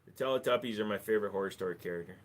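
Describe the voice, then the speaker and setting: A man's voice: on the low side, racing. A man hosting a live stream, answering viewer questions with dry jokes. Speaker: livestream host. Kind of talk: casual live Q&A chat.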